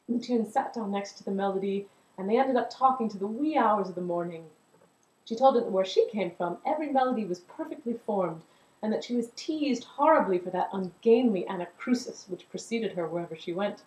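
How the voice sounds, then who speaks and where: A woman's voice: medium pitch, expressive, brisk, a little mellow. A woman telling a story in a performance, narrating expressively and animatedly. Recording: roomy echo.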